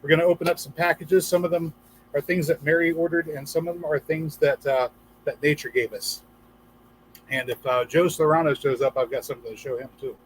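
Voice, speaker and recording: A man's voice: on the high side, fairly even intonation, a little fast, a little hiss or hum, poor audio. A man hosting a casual livestream for gardeners, chatting, reading viewer comments aloud and telling jokes with a few acted-out voices. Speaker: livestream host.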